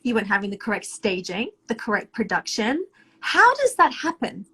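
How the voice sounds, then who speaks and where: Bright high-voiced woman host. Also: very animated, a little fast, husky, rough recording. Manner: enthusiastic, reactive, frequent agreement. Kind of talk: casual interview chat.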